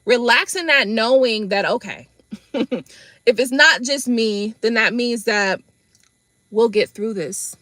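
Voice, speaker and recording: A woman hosting a live tarot stream, chatting casually with viewers in an animated, profane way and laughing often. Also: fairly high pitch, slow, no room sound.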